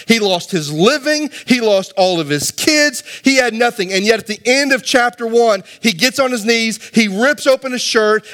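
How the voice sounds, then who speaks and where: A man preaching a sermon as pastor, animated and emphatic, asking the congregation rhetorical questions. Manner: animated, rising to emphatic high peaks.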